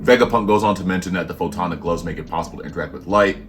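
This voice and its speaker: A man with a very low voice walks through a comic chapter in a relaxed co-host chat. He talks casually and gets animated when he lists things. Faint music plays softly behind him. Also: very fast.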